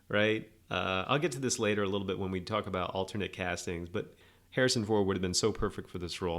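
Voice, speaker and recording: Man, podcast host, lowish voice, casual sarcastic movie rant. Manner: opinionated, rambling, sarcastic. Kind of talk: casual movie review monologue.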